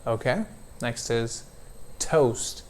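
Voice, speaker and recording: A male pronunciation coach speaks at a slow, unhurried pace. He draws out each vowel sound as he models words for a student. His pitch sits in a plain middle range. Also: a little hiss or hum. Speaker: accent coach. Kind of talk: one-on-one pronunciation lesson.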